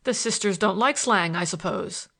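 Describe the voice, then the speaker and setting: A woman reading the lines of a smitten young gentleman in an audiobook, earnest and a little awkward. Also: medium pitch, moderate pace. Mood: gallant. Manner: earnest, gallant, slightly awkward.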